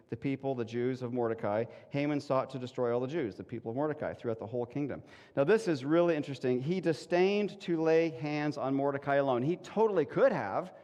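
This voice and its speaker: Casual male pastor in a reverberant hall. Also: a little high. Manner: casual and animated, acting out quick voices. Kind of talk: conversational sermon. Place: church sanctuary.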